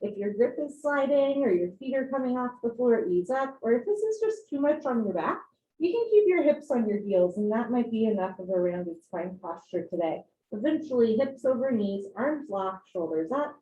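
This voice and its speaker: A woman instructing a live yoga class from home, giving calm posture cues with chatty, encouraging asides. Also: fairly high pitch, moderate pace, highs cut off, slight background noise. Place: home room. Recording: roomy home recording.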